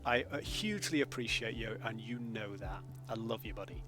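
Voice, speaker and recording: A man's voice: on the low side, lively intonation, normal speed, over music. A man, chatting casually with viewers during a live gameplay stream from home. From England. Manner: chatty, greets viewers by name.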